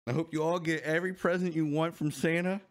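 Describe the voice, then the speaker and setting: A man vlogging a spicy food challenge, excitable and swearing, groaning and coughing as the heat hits him. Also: fairly high pitch, quick pace. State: in pain from heat, teary. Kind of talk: casual food challenge vlog.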